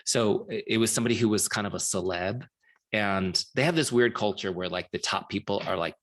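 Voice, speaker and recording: A middle-aged man with a lowish voice runs a live training session. He talks in a loose, chatty way, full of fillers, and keeps checking that his listeners follow him. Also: fairly quick, fairly bright tone. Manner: casual, chatty, frequent "like" and rhetorical checks. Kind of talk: live training talk with a story.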